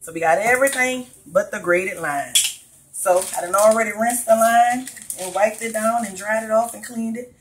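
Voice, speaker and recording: Some hiss or hum and poor audio mark this casual cooking video, in which a woman with a fairly high voice speaks at a normal pace. She has a New Orleans accent and chats with viewers while explaining a recipe in her home kitchen.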